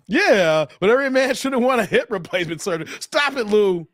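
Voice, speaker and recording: A high-pitched man hosting a live stream, his voice jumping all over as he laughs and jokes with his chat. The sound is close and dry, with no room around it. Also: normal speed, no room sound. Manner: laughing, animated banter with chat.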